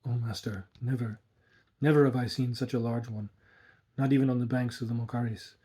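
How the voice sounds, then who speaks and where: A man's voice: medium pitch, fairly even intonation, fairly quick, mellow, breathy edge, natural voice. A man reading aloud and voicing a terrified old woman servant in a trance, gasping and strangled. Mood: entranced dread.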